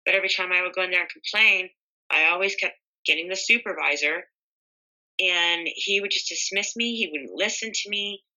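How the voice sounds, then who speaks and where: Middle-aged woman, interviewee; bright, piercing tone, emotional first-person storytelling. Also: fairly low pitch, moderate pace, dull audio. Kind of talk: personal testimony.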